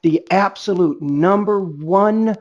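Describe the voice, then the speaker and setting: A man's voice: high-pitched, slow, a little mellow, lo-fi sound. A man leading a sales training webinar, emphatic and rambling, often restarting his sentences.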